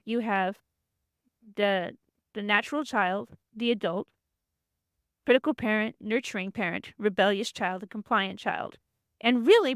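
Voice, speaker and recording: Woman presenter teaching a workshop, clear resonant tone, dry room, restarts and acts out quoted voices. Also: medium pitch, dry recording. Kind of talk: explanatory lecture.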